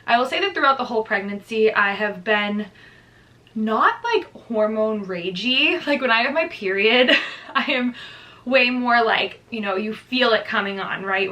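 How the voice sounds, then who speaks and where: A woman's voice: mid-range voice, sharp tone, distant mic, poor audio. A young pregnant woman chatting casually in a vlog update, reading from her notes with lots of "like". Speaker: vlogger.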